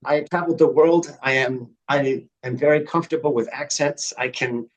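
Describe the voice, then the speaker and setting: On dull audio, a middle-aged man speaks as a podcast guest in a mid-range voice with a steady tone and moderate pace. His conversational interview storytelling is earnest and reflective, climbing toward fervent emphasis.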